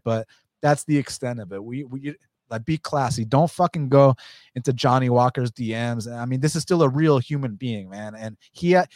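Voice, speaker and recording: A man hosting a casual podcast about fight betting, talking in an animated, rambling way with lots of swearing and fillers. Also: mid-range voice, dry recording. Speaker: podcast host.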